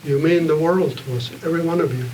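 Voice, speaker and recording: A man addresses a gathered audience in an earnest, plain-spoken way, pausing often between thoughts. His voice sits a little high for a man. The mic is set well away from him, with a soft hum of room noise underneath. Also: distant mic, low-quality recording. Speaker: panel speaker at a community evening. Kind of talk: heartfelt public storytelling.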